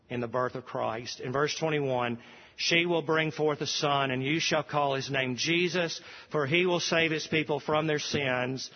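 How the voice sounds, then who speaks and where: Male pastor, earnest sermon delivery, slow emphatic scripture reading, muffled lo-fi sound. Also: medium pitch, in a large hall.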